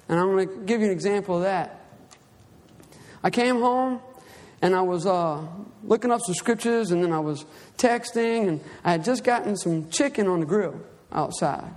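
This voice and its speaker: A man with a notably high voice preaches, moving from a Bible reading into a lively personal testimony. He acts out his own cries as he tells the story. The sound trails off in a long reverb.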